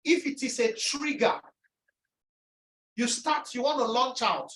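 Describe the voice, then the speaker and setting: A woman delivers an emphatic motivational lecture in a somewhat high voice. She repeats her key lines for emphasis and acts out other people's inner voices. The mic sits far from her in an echoey room. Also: a little slow, slight background noise. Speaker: speaker presenting on resilience.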